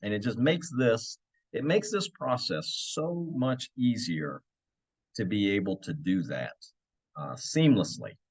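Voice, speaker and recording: A man in the middle of the pitch range teaches real estate cold calling as an instructional walkthrough. His voice moves a lot, rising and dipping as he explains each step. He keeps a coaching tone and checks in with his listener with frequent "right?" asides. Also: sing-song, unhurried, vocal fry, darkish tone, husky.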